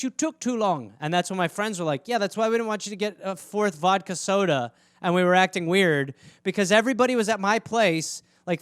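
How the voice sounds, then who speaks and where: A man's voice: sits high, fairly bright tone, dry recording, studio quality. A man hosting a podcast, telling a rambling, profane comedic story in a casual way. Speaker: podcast host.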